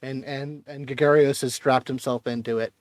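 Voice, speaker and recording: A man running a tabletop game as game master, describing scenes in an unhurried way. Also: medium pitch, steady tone, no echo.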